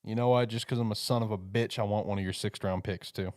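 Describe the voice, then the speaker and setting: A man's voice: lowish voice, fairly even intonation, fast talker, darkish tone, no echo, clean studio sound. A man hosting a mock draft with playful banter and frequent laughter. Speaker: host running a mock draft. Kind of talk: casual joking chat.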